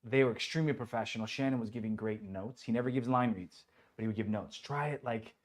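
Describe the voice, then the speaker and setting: A man who voices a superhero, chatting as an interview guest in an office, telling lively stories, acting out what people said and laughing often. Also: lowish voice, fast talker. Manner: animated storyteller who acts out quotes and laughs often. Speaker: voice actor guest. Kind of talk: casual interview chat. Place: indoors at a toy company office.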